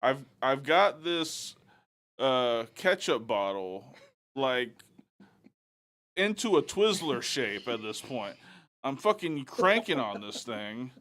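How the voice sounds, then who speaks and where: A man co-hosting a podcast, telling a story in animated, profane casual banter. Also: on the high side. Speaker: podcast co-host.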